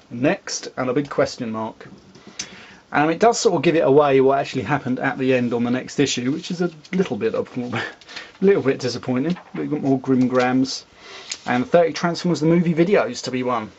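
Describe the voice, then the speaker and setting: A man's voice: mid-range voice, brisk, a little mellow, highs cut off, slight background noise. A man casually reviewing comics, rambling, with fillers and asides.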